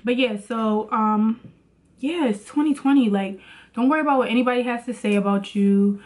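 A woman's voice: a little high, normal speed, a little mellow. A woman vlogging in a casual motivational talk about faith, chatty and preachy, with lots of "like".

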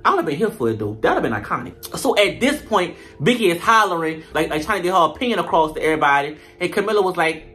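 A man doing a comedic reality-TV recap, sassy, profane and animated, full of slang. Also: on the high side, fast, faint music behind. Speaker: show reviewer.

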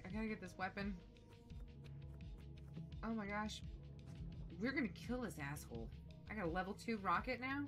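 A young adult woman chatting casually with viewers while playing a video game, animated and quick to exclaim. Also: mid-range voice, soft background music. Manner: animated, shrieks when excited, drops soft when focused. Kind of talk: casual let's-play commentary chatting with chat.

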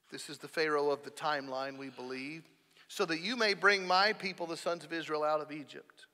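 Pastor guy preaching, high bright voice, gets loud and punchy on key words, long church echo. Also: normal speed. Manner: emphatic, rising to loud stressed peaks. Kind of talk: sermon. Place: church sanctuary.

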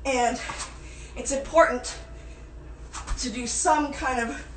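A woman's voice: sits high, fairly even intonation, slow pace, slight background noise. A woman fitness instructor leading a live-streamed workout class, counting reps aloud and cueing form, out of breath at times. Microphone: phone camera at a distance. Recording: echoey room voice from a distance.

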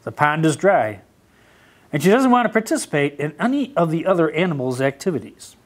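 Man, children's storytime reader, very lively pitch, chatty questions to kids, library. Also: fairly quick. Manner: animated, asks children questions. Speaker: mayor reading to children. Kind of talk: children's storytime read-aloud.

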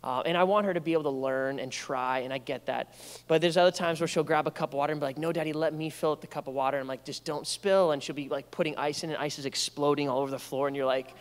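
Young male pastor, fairly high voice, chatty storytelling sermon, long church reverb. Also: fairly even intonation, quick pace, clear, resonant tone. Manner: conversational storytelling with playful asides. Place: church sanctuary.

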